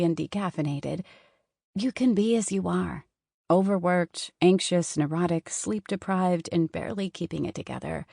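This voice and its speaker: A woman's voice: on the low side, vocal fry, dark tone, no room sound, clean studio sound. A woman narrating a self-help audiobook in a wry, conversational reading. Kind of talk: scripted narration.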